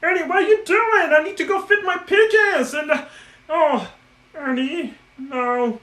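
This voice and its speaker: Fussy grumpy puppet roommate, put on by a man, raised squeaky voice, complaining non-stop, roomy echo. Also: a little slow, pushed and bright, heavily acted. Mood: exasperated. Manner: exasperated, whiny complaining. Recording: echoey room.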